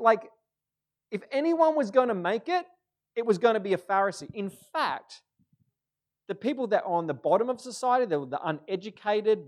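A man preaching a sermon, animated, moving between loud emphatic bursts and quiet, drawn-out phrases. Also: fairly high pitch.

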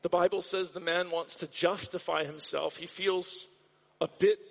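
A man's voice: high-pitched, fairly even intonation, moderate pace, vocal fry. A man preaching a sermon with impassioned repetition, recorded in a church hall. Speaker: pastor. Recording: dull sound with long hall reverb.

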